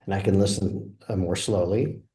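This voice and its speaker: A man presenting a pronunciation course and demonstrating software, explaining steadily and saying phrases aloud. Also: sits low, steady tone, normal speed. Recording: echoey room.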